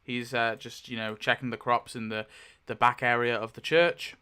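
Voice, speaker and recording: Man, casual solo tabletop game narrator, thinks aloud, lots of ums and restarts, bright crisp voice. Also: medium pitch, little pitch movement, normal speed. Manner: thinking aloud, frequent fillers and self-corrections.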